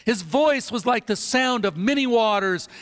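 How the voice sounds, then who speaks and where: Male pastor, high voice, emphatic sermon delivery with repeated phrases, booming hall reverb. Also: animated, moderate pace, a bit bright.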